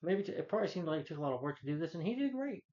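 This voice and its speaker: A man's voice: fairly high pitch, sing-song, very fast, a little mellow, dull audio. A man casually recapping a film's plot in a rambling way, full of fillers and restarts. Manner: rambling, filler-heavy retelling with frequent restarts. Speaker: film reviewer. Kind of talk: casual spoken film recap.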